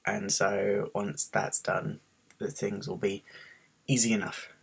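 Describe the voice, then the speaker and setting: A man's voice: fairly low pitch, little pitch movement, slow, creaky, breathy edge. A man with a faint Scottish accent, stressed and rambling through a casual story about his day on a home webcam vlog. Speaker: vlogger.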